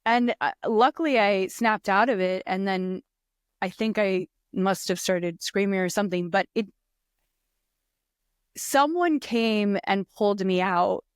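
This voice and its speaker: Smooth-voiced reflective woman guest. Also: medium pitch, unhurried, no room sound, studio quality. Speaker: podcast guest, spiritual practitioner. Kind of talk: casual conversation.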